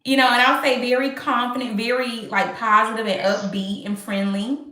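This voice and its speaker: An upbeat, animated woman hosting a casual live stream from home, talking straight to her viewers. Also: a little high, moderate pace. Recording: echoey room.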